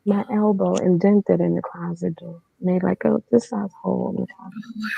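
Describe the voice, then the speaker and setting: A woman's voice: mid-range voice, steady tone, moderate pace, vocal fry, warm tone, husky, no echo. A woman telling her own story as a guest, in a candid, matter-of-fact way with casual fillers. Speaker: podcast guest. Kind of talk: personal storytelling. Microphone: remote streaming setup. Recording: dull lo-fi online stream.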